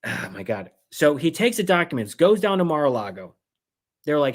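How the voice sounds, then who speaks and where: A man hosting a livestream of political commentary, talking fast, heated and sarcastic, acting out others in mocking voices. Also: a little high, huge pitch swings.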